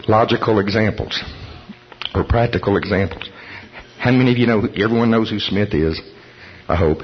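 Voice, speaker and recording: A husky-voiced man preaches with animated, chuckling storytelling, acting out the people in his tale. The recording sounds dull and lo-fi. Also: medium pitch. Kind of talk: storytelling sermon.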